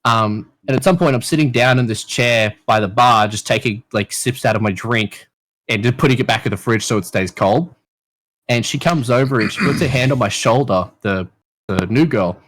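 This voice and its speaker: A man's voice: medium pitch, moderate pace. A young man in his twenties with an Australian accent, a podcast guest telling stories in casual chat, swearing freely and acting out the people in them. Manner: animated, swears a lot, acts out people in stories.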